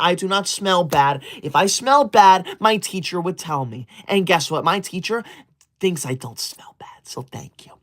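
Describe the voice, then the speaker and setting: A man's voice: high voice, sharp tone. A man playing a touchy, rule-obsessed young male livestreamer in a comedic parody, talking in a prim, stiffly formal, scolding way.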